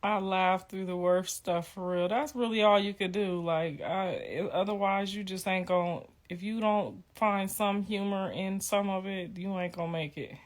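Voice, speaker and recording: A middle-aged woman hosts a livestream, chatting casually with viewers and telling profane stories while laughing through her words. Her voice sits at a medium pitch, and she talks a little slowly with few pauses.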